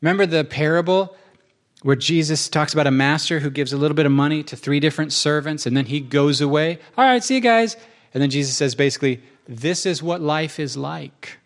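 A middle-aged man talks through a reflective topic in a relaxed, conversational way. His voice sits a little high for a man. He grows animated when he tells a story and drops into short acted asides. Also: brisk. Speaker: podcast host. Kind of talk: casual reflective chat.

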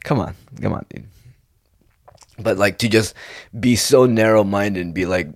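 A man's voice: lowish voice, a little slow, no echo, clean studio sound. A young man in a casual, rambling monologue, laid-back and peppering his talk with "dude". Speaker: vlogger.

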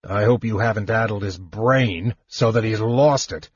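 A man voicing a big, stern male warrior who speaks in a deep, growling, curt way, in a storybook reading. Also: unhurried, breathy edge, dry recording. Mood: cold. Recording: dull lo-fi dry recording.

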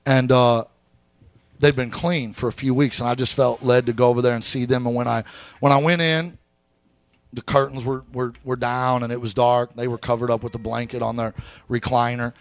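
A man preaching a sermon to a church congregation, telling a personal story in an easygoing way and then rising into shouted, sing-song preaching. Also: medium pitch, little pitch movement, normal speed, no room sound. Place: church sanctuary.

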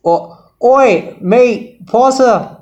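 A man putting on a loud, unconvincing imitation of a brash British young man shouting at a schoolboy. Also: extremely high pitch, extremely slow, highs cut off, voice pushed up, heavily acted. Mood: mock-rowdy. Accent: failed imitation of British. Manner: loud, clumsy fake accent.

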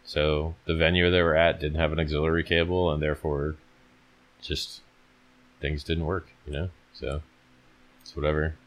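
A man with a remarkably low, deep voice hosts a casual livestream. He sounds tired and talks bluntly, swearing freely as he reads out chat questions and answers them in a loose, conversational way. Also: level tone, moderate pace, long pauses. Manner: blunt, profane, reads viewer questions aloud.

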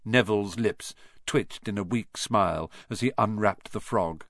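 A man reading a children's fantasy novel aloud as narrator in an expressive, lively way. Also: lowish voice, normal speed, dry recording, clean studio sound. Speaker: audiobook narrator. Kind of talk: scripted narration.

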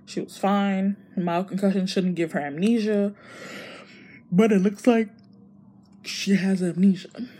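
Calm soft-spoken doctor man, reassuring, a woman doing the voice. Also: medium pitch, measured pace, long pauses, husky.

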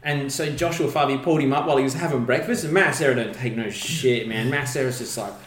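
A man's voice: medium pitch, fast. A man co-hosting a podcast, telling stories animatedly and swearing freely. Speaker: co-host. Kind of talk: casual podcast chat. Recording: echoey room.

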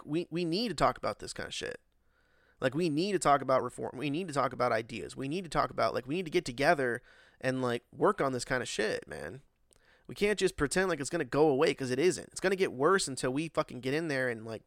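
A man talks in a loose, profane monologue, circling back with fillers as his exasperation builds. His voice has a gravelly edge and sits mid-range. The recording is close and dry, with no room sound. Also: medium pitch, fairly bright tone, no echo. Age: adult, working. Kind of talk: casual monologue rant.

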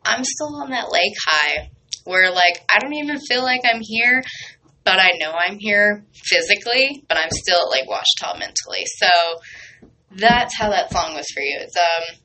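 Bright, chatty woman rambling through her podcast, tons of likes and ums, faint hiss behind her. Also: medium pitch, low-quality recording. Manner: rambling, chatty, lots of fillers. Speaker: podcast host. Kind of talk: casual chat.

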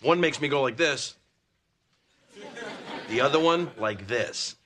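A man's voice: mid-range voice, lively intonation, slow, a crowd in the background. A man playing a goofy, joking husband. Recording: noisy TV sitcom audio.

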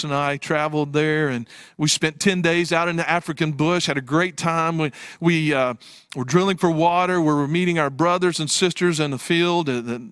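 Pastor preaching in a dry, close voice. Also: male voice, on the high side, fairly bright tone, dry recording. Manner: earnest storytelling, frequent restarts and fillers. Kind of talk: sermon with personal story.

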